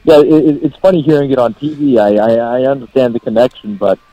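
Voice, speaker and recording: A man with a Canadian accent answers interview questions in a laid-back way, often repeating words. His voice is mellow and warm. The sound is dry. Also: mid-range voice, fairly even intonation, brisk, dry recording, rough recording. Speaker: guest fighter.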